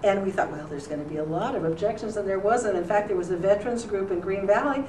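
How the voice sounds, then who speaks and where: A woman's voice: mid-range voice, fast talker. An older woman talking as a retired newspaper columnist in an interview, telling rambling stories with plenty of fillers. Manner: rambling, warm anecdotes with many fillers. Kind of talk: relaxed storytelling in an interview. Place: school room. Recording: roomy, distant mic with faint noise.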